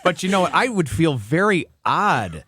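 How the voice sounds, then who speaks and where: A man's voice: fairly high pitch, very animated, normal speed, bright, forceful tone, husky, no echo, clean studio sound. A man hosting a radio interview, chatting and probing with hypothetical examples. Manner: conversational, plays devil's advocate with hypotheticals. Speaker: radio host. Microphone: studio microphone.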